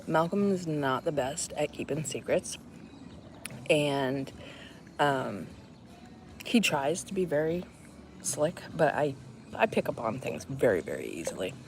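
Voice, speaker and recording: Low-voiced woman in her fifties chatting. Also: big pitch swings, a little slow, pauses often. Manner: rambling, chatty storytelling with many fillers. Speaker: vlogger. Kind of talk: casual chat to viewers. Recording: loud cricket noise behind voice. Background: crickets and insects chirping.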